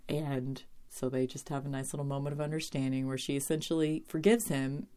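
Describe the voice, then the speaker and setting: A woman reviews a TV episode in casual chat, rambling along with lots of fillers and blunt, cursing asides. Her voice is low-pitched, level in tone and a little mellow, smooth and at a normal speed.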